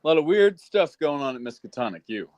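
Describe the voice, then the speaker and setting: A man playing in a tabletop game, breaking in with quick questions and asides. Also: fairly high pitch, very animated, darkish tone, dry recording. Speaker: player. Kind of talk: casual chat.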